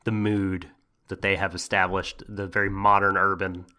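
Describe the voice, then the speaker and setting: A man co-hosting an anime review podcast, explaining things in a measured way with frequent hesitations. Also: sits low, little pitch movement, pushed and bright. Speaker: podcast co-host. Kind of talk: casual anime review chat.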